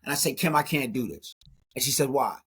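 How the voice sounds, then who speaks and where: A man in his forties, a guest speaker in an interview, telling his life story in an animated way and acting out the dialogue. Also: medium pitch, a little fast, slightly rough. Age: 40s.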